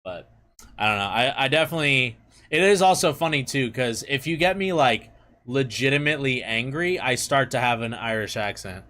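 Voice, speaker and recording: A man talks casually to his viewers, his pitch swinging up and down as he goes. He is chatty and laughs easily. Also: moderate pace. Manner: chatty, laughs often, animated. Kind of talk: casual chat.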